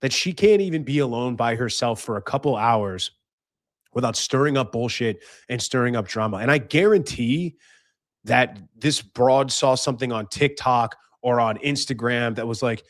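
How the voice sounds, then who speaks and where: A man's voice: mid-range voice, normal speed, no echo, clean studio sound. Blunt, swearing man podcasting. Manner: blunt, swears freely, acts out quoted voices. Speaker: podcast host. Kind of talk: casual monologue giving life advice.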